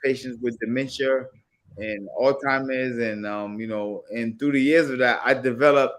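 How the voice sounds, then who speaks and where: A man's voice: mid-range voice, fairly even intonation, moderate pace, fairly bright tone. Laid-back New man reminiscing. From New York. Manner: laid-back, reflective storytelling. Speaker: guest, former boxing champion. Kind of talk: casual podcast interview.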